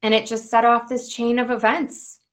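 A woman in her forties telling her own story as a podcast guest, chatty and animated, dotting her talk with "like" and "you know". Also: fairly high pitch, normal speed. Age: 40s. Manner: chatty, animated, peppered with "like" and "right". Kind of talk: candid personal storytelling.

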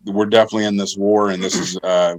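A man, an army veteran, telling his service stories in a relaxed, rambling way, with fillers and self-corrections. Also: on the low side, quick pace, no echo, low-quality recording. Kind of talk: casual conversational storytelling.

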